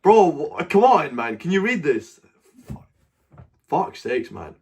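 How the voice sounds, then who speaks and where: A Scottish man hosting a live stream, talking in a fairly high voice. He is brash and foul-mouthed, heckling strangers and breaking into loud, mocking outbursts. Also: very animated, takes it slowly, slightly rough. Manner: crude, swears freely, loud mocking outbursts.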